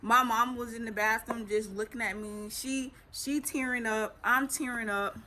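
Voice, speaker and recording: A woman's voice: on the high side, moderate pace, slight background noise. A teenage girl, telling her own story casually as a vlogger and acting out what people said. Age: teens. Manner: chatty, animated retelling with acted quotes.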